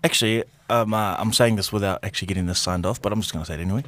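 A man's voice: fairly low pitch, very fast, dry recording. A man hosting a casual morning radio show, reading out news items and hyping up listeners. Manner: animated, hypes up the audience. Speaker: radio host. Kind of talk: casual breakfast show chat.

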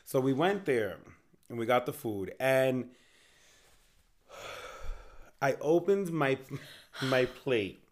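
A man's voice: mid-range voice, measured pace, long pauses. A man in his thirties co-hosting a podcast, telling stories in a casual, profane, jokey way. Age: 30s. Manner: animated storytelling, profane, jokey. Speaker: podcast co-host. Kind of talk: casual chat.

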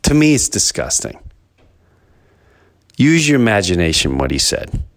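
A man hosting a podcast, telling a comic story in an animated, exaggerated way with many restarts. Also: on the low side, measured pace, noisy background. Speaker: podcast host. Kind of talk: comedic storytelling.

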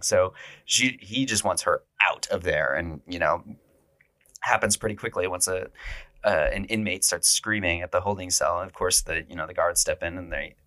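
A man's voice: low-pitched, normal speed, no room sound, studio quality. A man casually recapping a horror film on his podcast, acting out the characters' lines. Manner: animated, acts out quotes in raised voices. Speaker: podcast host.

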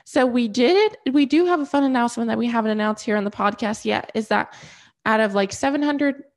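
A young woman co-hosting a podcast in casual chat, her voice stuffy from a cold, chatty and quick to laugh. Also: on the high side. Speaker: podcast co-host.

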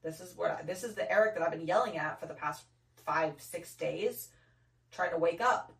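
A woman co-hosting a podcast, blunt and teasing, quick to cut in during a candid chat. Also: lowish voice, creaky, fairly bright tone, roomy sound, recorded from a distance. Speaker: podcast co-host.

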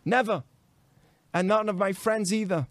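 Animated higher-voiced man, dry sound. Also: moderate pace, no room sound. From grew up in a committed Jewish home. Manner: animated, rhetorical questions to listeners. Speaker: rabbi. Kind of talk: podcast talk.

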